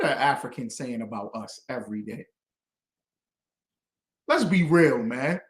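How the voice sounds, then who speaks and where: A man teaching as a religious instructor, combative and preachy, with loud emphatic bursts. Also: medium pitch, lively intonation, measured pace, pauses often, roomy sound. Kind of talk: fiery teaching commentary.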